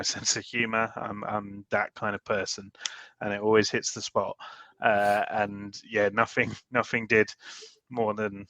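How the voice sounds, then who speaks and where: A man's voice: fairly low pitch, sharp tone, dry recording. A British man co-hosting a casual chat about comics, joking and laughing often. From Britain. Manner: laughing, joking, quick banter. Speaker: podcast co-host.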